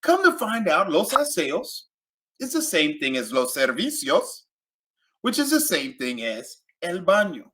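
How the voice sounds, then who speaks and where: A man, teaching travel phrases in a casual, animated video lesson and repeating each phrase. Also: a little high, measured pace. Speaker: Spanish teacher.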